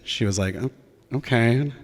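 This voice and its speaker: A man's voice: mid-range voice, expressive. Man telling a story in a reverberant hall. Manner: conversational, halting with restarts. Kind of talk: personal storytelling on stage.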